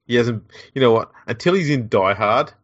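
A man's voice: mid-range voice, expressive, normal speed, no echo, lo-fi sound. An Australian man co-hosting a podcast, bantering dryly and sarcastically, often laughing. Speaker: podcast co-host. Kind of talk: casual banter.

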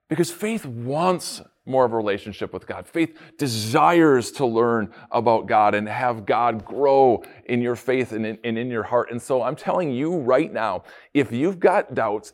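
A man, a pastor, giving a casual devotional talk with animated storytelling and playful asides. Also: medium pitch, moderate pace, soft background music.

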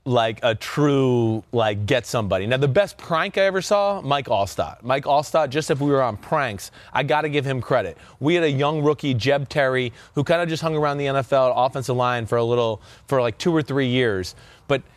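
A man in his thirties co-hosts a casual sports podcast and tells loose, easygoing stories. His pitch sits in the middle range. The sound is dry and close, with no room around the voice. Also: normal speed, no room sound. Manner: relaxed storyteller, plugs his social media. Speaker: podcast co-host.

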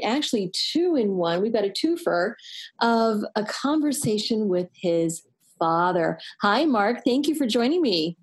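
A woman hosts a radio call-in show in a mid-pitched voice. She is effusive and encouraging, thanking her guests and drawing out their stories. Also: lively intonation, measured pace. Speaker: host.

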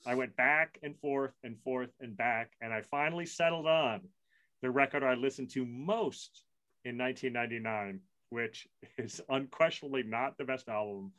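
A man's voice: medium pitch, moderate pace, fairly bright tone. A middle-aged man chatting casually as a podcast co-host, rambling through a story with plenty of restarts and self-deprecating asides. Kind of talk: casual chat.

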